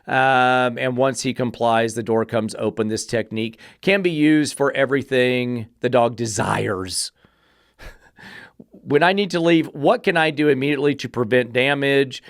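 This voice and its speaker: A man's voice: mid-range voice, a little slow, no echo, studio quality. A man hosting a dog-training podcast, reading an article aloud and picking it apart with exasperated, profane sarcasm. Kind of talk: podcast rant reviewing an article.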